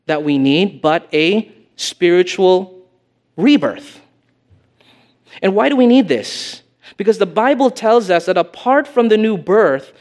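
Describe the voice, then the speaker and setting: A man preaching a sermon as pastor, earnest and emphatic, posing rhetorical questions to the congregation. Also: high-pitched.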